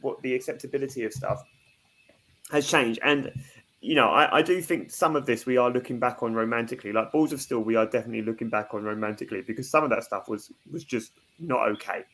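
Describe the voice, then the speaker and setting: A man's voice: mid-range voice, quick pace, a bit bright. A man, a podcast co-host who reflects aloud in casual chat, stopping often with fillers. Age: 30s.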